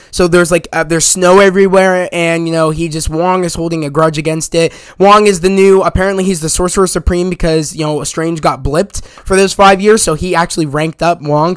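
A man hosting a casual spoiler review of a movie, rambling excitedly with lots of "you know" and "like" as he retells scenes. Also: fairly high pitch, normal speed, clear, resonant tone, no room sound. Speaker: movie review channel host.

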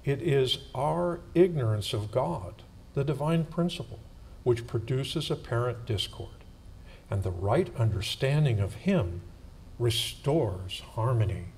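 Guy reading at church, real slow and steady, bit of hiss. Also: mid-range voice. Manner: slow, measured, solemn reading.

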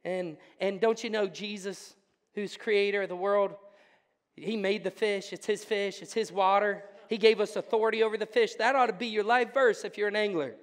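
Male pastor, sermon delivery, dynamic swings from hush to exclamation; church sanctuary with lingering reverb. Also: sits high, steady tone, moderate pace. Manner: swings between hushed intensity and loud exclamation.

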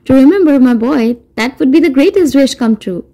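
Woman doing an old grandmother, gentle, wistful, high, soft, warm tone. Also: expressive, a little fast, poor audio.

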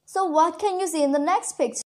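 A woman with a very high-pitched voice teaches English words in a conversational online lesson, repeating the key ones slowly. Urdu is her first language.

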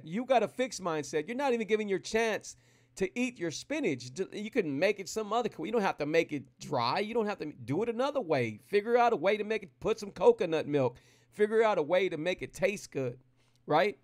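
A man coaching viewers on keto during a live stream, talking casually and energetically, rambling and repeating himself. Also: high-pitched. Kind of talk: live-streamed motivational talk.

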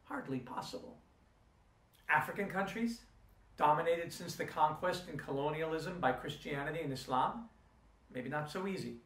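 A man lecturing earnestly, weaving a personal story into an argument and posing rhetorical questions. His voice sits a bit high for a man. The sound is roomy and picked up from some distance. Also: animated, moderate pace, a bit bright. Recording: roomy room, distant mic.

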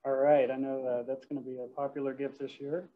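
A polite man hosts a workshop Q&A, reading out attendee questions with frequent um and uh fillers. His pitch is middling. The audio is slightly muffled, like an online call. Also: little pitch movement, fairly quick, a little hiss or hum. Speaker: workshop host. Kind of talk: hosting a Q&A.

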